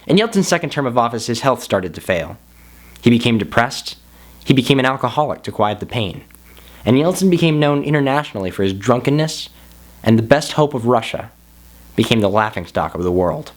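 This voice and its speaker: Male vlogger, casual history explainer, animated and wry, mid-range voice. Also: a little fast. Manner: jokey and animated, swinging pitch.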